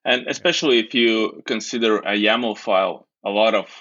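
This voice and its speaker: Soft-spoken man on dull, dry audio. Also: fairly low pitch, dry recording. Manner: measured, slightly hesitant, laughs easily. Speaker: lead engineer, podcast guest. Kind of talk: casual technical podcast chat.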